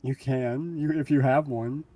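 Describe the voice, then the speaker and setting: A man's voice: mid-range voice, fairly even intonation, warm tone, far from the mic. Man running a tabletop game, off-mic. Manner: casual, halting rulings with restarts. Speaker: dungeon master.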